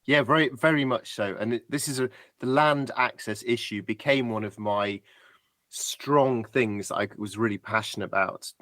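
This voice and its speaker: A British guest adventurer on a casual podcast interview tells stories in a reflective, polite, chatty manner. His voice is medium in pitch with a fairly bright tone, normal speed, and no room sound.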